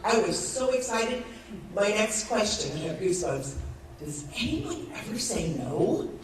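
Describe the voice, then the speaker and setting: A woman in her sixties telling a lively story on stage and acting out the people in it, laughing often. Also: medium pitch, unhurried. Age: 60s. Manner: animated storytelling, acts out quoted voices, laughs often. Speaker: network marketing speaker. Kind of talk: motivational talk on stage. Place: large event hall with audience. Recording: echoey hall, distant mic, crowd noise.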